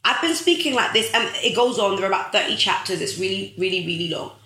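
A woman's voice: mid-range voice, quick pace, pushed and bright. Emphatic motivational woman, echoey room. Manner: preachy, emphatic, repeats phrases for effect; addresses viewers directly as guys. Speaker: host of a live stream. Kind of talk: motivational live-stream talk.

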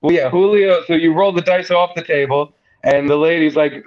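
A man telling a casual story, animated and swearing freely. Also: on the high side, moderate pace, lo-fi sound. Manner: animated, swears freely, mimics others' voices.

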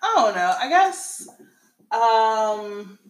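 A woman's voice: fairly high pitch, sing-song, drawn-out words. A woman co-hosting a podcast in casual chat, blunt and joking, swearing as she tells stories. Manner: blunt, joking, profane storyteller. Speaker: podcast co-host. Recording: echoey room.

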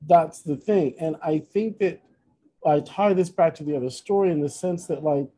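A man's voice: a little high, moderate pace. A man in casual conversation, telling a story with lots of restarts and asides. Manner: rambling, self-correcting, animated retelling. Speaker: podcast co-host, musician.

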